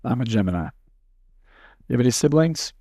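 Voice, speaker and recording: A man leading a live seminar workshop, talking bluntly and casually, running demonstrations with volunteers and slipping into quick acted snippets. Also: medium pitch, expressive, dark tone, no room sound, clean studio sound. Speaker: seminar speaker.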